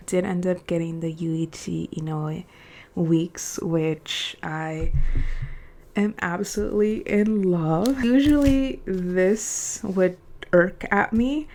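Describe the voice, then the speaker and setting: Young woman, casual vlog chat, low-ish pitch, emotional, occasional whispers. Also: slow, darkish tone. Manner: chatty and emotional, sometimes drops to a whisper. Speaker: planner unboxing vlogger.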